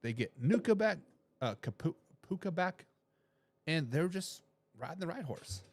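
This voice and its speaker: Animated, joking man hosting sports talk. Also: a little high, moderate pace, dry recording. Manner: animated, jokey, reads viewer comments aloud and laughs often. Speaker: sports talk show host. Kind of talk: casual live sports talk.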